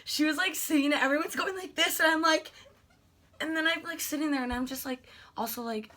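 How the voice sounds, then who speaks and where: Bright-voiced gushing young woman vlogger. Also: high voice, brisk. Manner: gushing, animated, many fillers like "like". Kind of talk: excited storytelling vlog.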